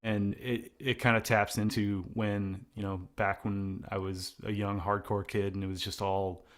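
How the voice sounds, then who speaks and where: A middle-aged man with a fairly low voice talks through his songwriting in a relaxed interview. He rambles, circles back and restarts his sentences often, filling gaps with ums and likes. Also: a little slow. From United States. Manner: rambling, many restarts and fillers. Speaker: singer of a post-hardcore band. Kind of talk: casual interview talk.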